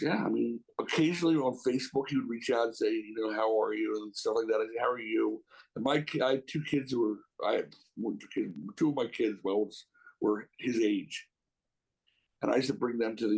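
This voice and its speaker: Gravelly middle-aged man reminiscing. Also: on the low side, darkish tone, low-quality recording. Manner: rambling, emotional, many restarts. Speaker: interview guest. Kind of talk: casual reminiscing interview.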